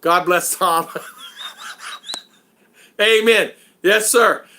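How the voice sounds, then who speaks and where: A man hosting a relaxed live stream chat, his voice bright and somewhat high for a man. He rambles, drops in frequent fillers and chuckles as he talks to viewers. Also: extremely slow, a little hiss or hum.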